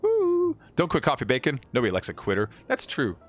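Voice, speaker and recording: A man chats his way through a racing-game stream, rambling from one story to the next and laughing as he reads chat aloud. His voice is bright and lively, swinging widely in pitch, with faint music playing behind him. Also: quick pace. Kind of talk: casual live-stream chat.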